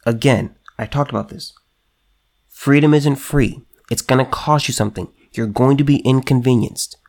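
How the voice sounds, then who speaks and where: A man's voice: mid-range voice, moderate pace, a little mellow. A man hosting a solo commentary show, talking emphatically, repeating himself and restarting, and reading news items aloud.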